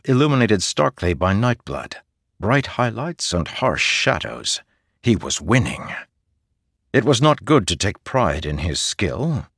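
A man narrating a fantasy audiobook in a measured, steady storytelling manner. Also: low voice, dry recording, clean studio sound.

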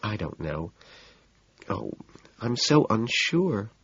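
A man voicing a fretful, theatrical wealthy young hostess in an audiobook, gushing and breathy with dramatic wails. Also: lowish voice, sing-song, slow pace, fairly bright tone, no echo, full character voice. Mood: distraught. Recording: dull, muffled audiobook recording.

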